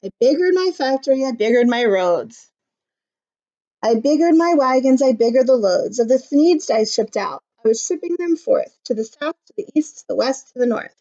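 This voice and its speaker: A woman's voice: high-pitched, animated, normal speed, warm tone. Woman reading as a boastful greedy factory owner. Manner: boastful, rhythmic rhyming delivery. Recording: slightly muffled recording.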